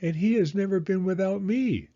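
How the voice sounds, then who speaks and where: A man voicing a small, sad young female hedgehog who speaks in a timid, halting, tearful way. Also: high voice, warm tone, dull audio, voice pushed up.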